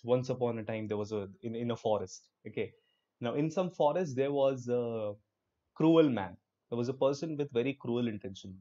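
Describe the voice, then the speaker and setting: A man's voice: medium pitch, mellow, highs cut off. A young male online English teacher with an Indian English accent, teaching a live class in an upbeat, encouraging way and slipping into Hindi.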